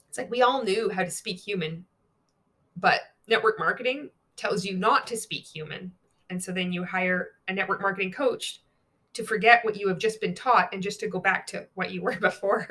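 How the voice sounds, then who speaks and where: A woman's voice: mid-range voice, moderate pace, bright, forceful tone. Blunt sweary woman vlogging candidly. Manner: blunt and sweary, reads training text aloud mockingly. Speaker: former network marketer turned critic. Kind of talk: candid monologue vlog.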